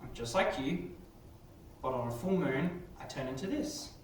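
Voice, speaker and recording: Man doing a low, hushed werewolf man. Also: lively intonation, normal speed, a little hiss or hum, natural voice. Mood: worried. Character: werewolf man, huge wolf-headed, confused and worried. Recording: echoey room from far off.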